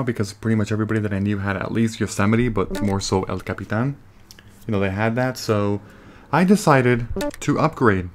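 A young man doing let's play commentary at home, rambling and ranting and breaking off with exclamations at the game. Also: mid-range voice. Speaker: gaming YouTuber. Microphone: desktop USB microphone. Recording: crackling, popping home mic.

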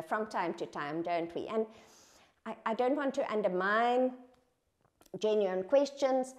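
A woman's voice: mid-range voice, darkish tone. A woman preaching a sermon in an earnest, conversational, reflective way, asking rhetorical questions.

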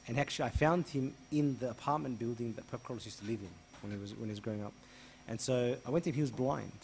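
A man, a priest answering an interview by telling a story, acting out the dialogue and getting louder as it heats up. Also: fast, creaky, a little hiss or hum. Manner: animated, re-enacts dialogue with rising pitch and volume.

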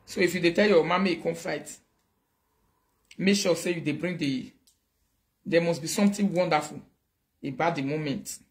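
A man's voice: on the high side, moderate pace, long pauses. A Nigerian man hosting a show, talking animatedly in a casual mix of Pidgin and Yoruba, laughing often. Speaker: show host. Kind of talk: casual live-show commentary.

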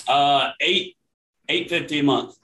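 A man's voice: on the high side, a little slow, sharp tone. Young-sounding man giving short agreeable answers. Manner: brief, agreeable replies. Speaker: sales trainee.

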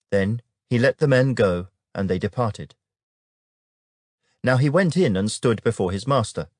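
A man reading scripture aloud in a measured, solemn narration. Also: medium pitch, a little mellow, no room sound, clean studio sound. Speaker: Bible reader.

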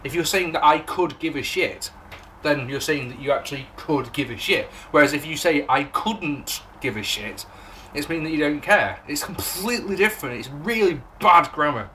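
Recapping a wrestling show in casual commentary, an English-accented man from England rambles sarcastically, curses, and laughs at his own jokes. He talks fairly quickly in a slightly high voice with a sharp tone, over a little hiss or hum.

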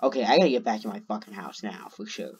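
A man's voice: on the low side, quick pace, husky. A man narrating his own gameplay, talking to himself and swearing constantly. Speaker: gamer. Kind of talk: let's play commentary.

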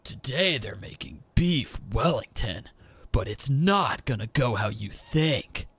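A man imitating a slow, dramatic TV narrator. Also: medium pitch, expressive, a bit bright, breathy edge, full character voice. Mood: mock-dramatic. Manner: slow, drawn-out announcer delivery. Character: dramatic male TV cooking-show voice-over narrator.

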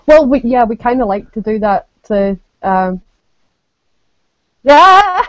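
A woman's voice: medium pitch, normal speed, dark tone, dry recording, rough recording. A woman co-hosting a casual live-streamed chat, playfully teasing and often giggling. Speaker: co-host.

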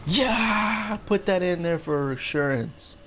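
Male gaming host, gravelly voice, lively pitch swings, excitable play-by-play chatter. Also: normal speed, a little hiss or hum. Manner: excitable, blurts out reactions and short shouts; talks to his opponent and himself. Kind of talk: casual gameplay commentary.

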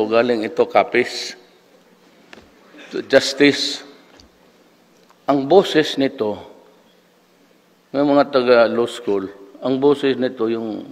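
A man in his seventies with a Filipino accent, giving a halting, digressive anecdotal speech at a graduation. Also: mid-range voice. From Philippines. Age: 70s. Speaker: speaker at a graduation. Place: large hall. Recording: echoey hall.

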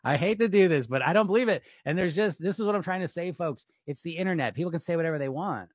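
A man's voice: a little high, expressive, fast talker, breathy edge, no room sound, studio quality. A man reading viewer comments aloud on a livestream and answering them bluntly and skeptically, swearing casually and laughing often. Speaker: weight loss coach on a livestream.

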